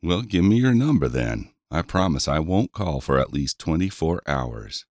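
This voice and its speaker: A man playing a deep-voiced flirty cowboy. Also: big pitch swings, moderate pace, darkish tone, no echo, clean studio sound. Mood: flirting.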